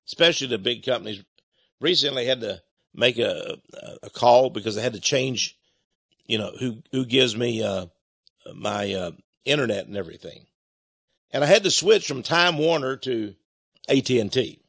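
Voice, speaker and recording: A man's voice: mid-range voice, gravelly, a bit bright, dry recording. A man talking to his listeners in an emphatic, rambling monologue, now and then acting out other voices. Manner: emphatic, rambling, acts out robot and caller voices.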